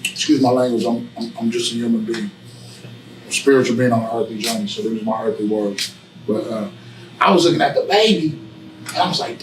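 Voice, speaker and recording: A man's voice: mid-range voice, a little fast, long pauses, slight background noise. A man as an interview guest in a barbershop, telling a casual story in a rambling, repetitive way with profanity and frequent "you know what I'm saying.". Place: barbershop, indoors. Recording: echoey room, mic at a distance.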